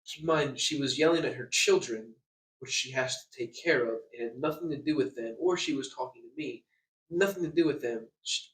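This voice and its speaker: In a hotel room, a young vlogger launches into an angry storytime rant, talking fast in a medium-pitched voice. He's agitated, swearing and stammering through repeated words, recorded off-mic in an echoey space.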